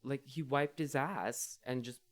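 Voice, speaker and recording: Excitable man swearing through a story. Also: medium pitch, measured pace, no echo. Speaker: podcast co-host. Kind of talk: casual chat.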